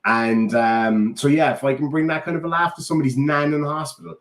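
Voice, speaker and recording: A man's voice: a little high, steady tone, quick pace, background noise. A man with an Irish accent telling heartfelt stories in casual chat, swearing freely. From Ireland. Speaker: podcast co-host. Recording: roomy echo.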